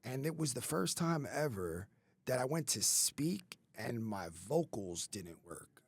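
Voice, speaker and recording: A man's voice: mid-range voice, sing-song, unhurried, slightly rough, no echo. Man, thirties, rambling candid storytelling, lots of fillers, close dry mic. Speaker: podcast guest telling his life story.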